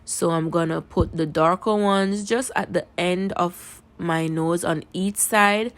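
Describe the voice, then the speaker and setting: A woman with a Jamaican accent chats her way through a makeup tutorial recorded on a phone. Her voice sits a little low. She talks casually and leans on repeated words to stress each step. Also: steady tone, takes it slowly. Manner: chatty, repeats words for emphasis. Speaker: makeup vlogger. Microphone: phone camera.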